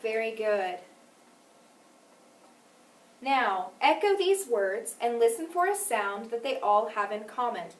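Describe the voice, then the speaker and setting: Woman teacher for a phonics lesson. Bright, higher voice with a lot of lift, clear and deliberate, with each example word stressed. Recorded in an echoey room with the mic set back. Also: big pitch swings, distant mic.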